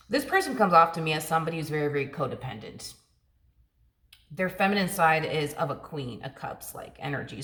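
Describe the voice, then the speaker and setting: Casual woman tarot reader, low-pitched, rambling filler-heavy delivery, roomy sound. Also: a bit bright. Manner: chatty, repeats words, many fillers.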